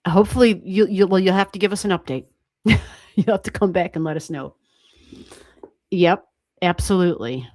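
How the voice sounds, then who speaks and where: An astrology livestream host speaks in a lower, relaxed female voice at a moderate pace, chatting casually with long pauses, getting excited and occasionally laughing or swearing. The recording is dry and close-miked, with little sense of the room.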